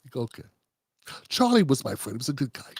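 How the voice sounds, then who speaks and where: A man imitating a male pundit speaking mournfully and haltingly about a lost friend. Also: mid-range voice, very animated, darkish tone, breathy edge, no room sound, clean studio sound, pitched below the performer's own voice.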